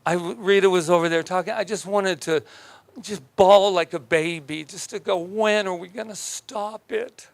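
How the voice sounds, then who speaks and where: A man's voice: sits high, no room sound. A man preaching a sermon as minister, emphatic and joking, often laughing as he talks.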